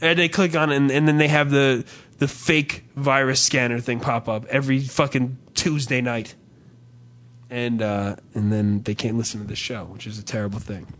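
Young adult male podcast co-host; swears constantly, rants and tells animated stories in an average-pitched voice. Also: moderate pace. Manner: profane, ranting, animated storytelling. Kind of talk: casual comedic chat.

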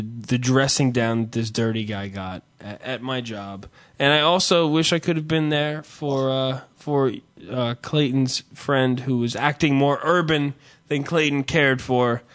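A man's voice: mid-range voice, unhurried, few pauses, a bit bright. A man hosting a podcast, trading crude jokes in casual banter. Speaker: podcast host.

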